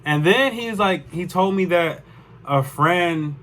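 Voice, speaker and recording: A man's voice: high-pitched, animated, takes it slowly, fairly bright tone. A young man telling a personal story in a casual, rambling way, full of swearing and "like". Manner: rambling, profane, lots of "like". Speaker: vlogger.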